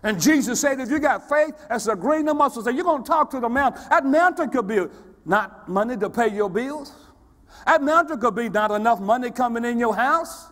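A man preaching a sermon, his voice pitched unusually high and rising and falling with lively swings. He moves from steady teaching to shouted questions thrown back at the congregation. The sound rings with the long reverb of a church sanctuary. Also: fairly quick. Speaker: pastor.

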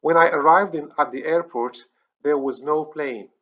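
A man's voice: a little high, moderate pace, a bit bright, muffled recording. A man with a Moroccan accent teaching a recorded grammar lesson, explaining step by step, often checking "okay?" and correcting himself. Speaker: English teacher.

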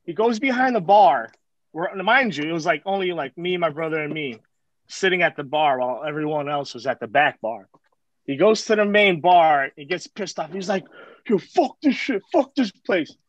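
A man telling a story to friends in profane, slangy, animated casual talk as host of a vlog. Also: on the high side, normal speed, dry recording, lo-fi sound.

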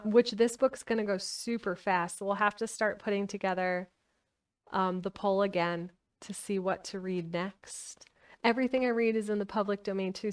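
A woman's voice: medium pitch, clear, resonant tone, recorded from a distance. Chatty woman streamer, a bit off-mic. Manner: chatty, giggly, trailing off with fillers. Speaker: streamer reading aloud. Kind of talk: casual chat and book reading.

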